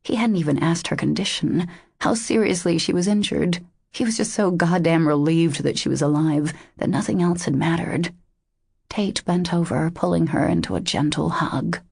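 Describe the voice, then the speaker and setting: Low, gravelly woman narrating an audiobook. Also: moderate pace, a little mellow, dry recording, studio quality. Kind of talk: scripted romance narration.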